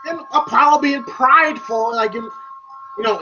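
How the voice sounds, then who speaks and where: A movie reviewer giving a casual spoken review, excitable and profane, retelling scenes in long run-on recaps. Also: mid-range voice, normal speed, lo-fi sound, soft background music.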